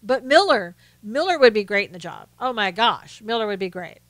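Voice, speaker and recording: A woman's voice: medium pitch, animated, moderate pace, a bit bright, no echo. A woman from the South, hosting a casual live stream, chatting to viewers and often laughing. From American South. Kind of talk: casual political chat reading viewer comments.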